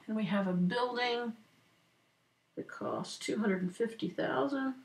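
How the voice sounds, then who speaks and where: A patient accounting instructor with a slightly high voice gives a screen-recorded lecture walkthrough. She speaks slowly for note-takers and often checks in with "right?" and "okay?".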